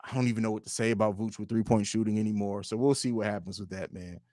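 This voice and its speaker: A young man hosting a casual fan livestream from his home studio, reading out viewer comments and trash-talking with profanity, his delivery swinging between loud bursts and low mumbles. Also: steady tone, fast talker, no echo. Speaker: livestream host.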